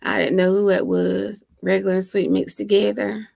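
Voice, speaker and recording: A woman's voice: mid-range voice, level tone, normal speed, vocal fry, a little mellow, no echo, studio quality. A woman hosting a casual livestream, chatting and laughing with viewers and teasing them, speaking into her laptop microphone at home. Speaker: livestream host. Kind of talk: casual live chat with viewers.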